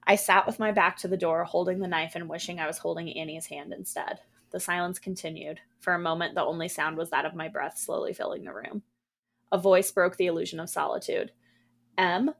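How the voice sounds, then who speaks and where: A woman podcast co-host reading a horror story aloud in a hushed, steady manner. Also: lowish voice, a little fast, gravelly.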